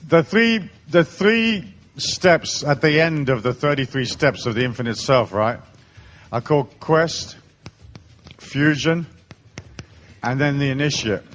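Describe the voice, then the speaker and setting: Animated, profane man lecturing a seminar. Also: medium pitch, measured pace, long pauses, a little hiss or hum. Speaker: seminar speaker. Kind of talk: live seminar talk. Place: large hall.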